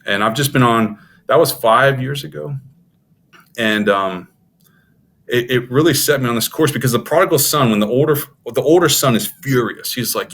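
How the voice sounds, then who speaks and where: A man's voice: mid-range voice, moderate pace, a bit bright. A middle-aged man sharing an earnest faith testimony as a podcast guest, talking with frequent restarts. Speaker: podcast guest, former Navy SEAL officer.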